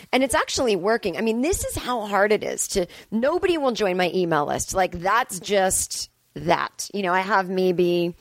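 A woman comic in her forties riffs alone at home, sarcastic and freely swearing as she vents. Her voice sits at an ordinary middle pitch, and the close recording is dry with no room sound. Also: no room sound. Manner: sarcastic, profane ranting. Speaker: comedian and podcast host. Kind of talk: casual solo monologue.

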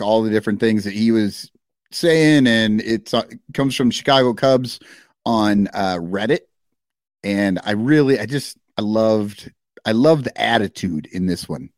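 A man's voice: fairly low pitch, no room sound, clean studio sound. A man co-hosting a podcast, ranting casually with lots of swearing and rambling asides. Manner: animated, profane, rambling rants. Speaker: podcast co-host. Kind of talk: casual chat.

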